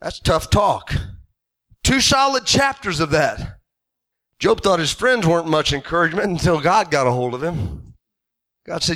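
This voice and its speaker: A man preaching a sermon with fervent delivery, rising into shouted emphasis on key lines. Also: fairly high pitch, animated, measured pace, long pauses, a faint crowd.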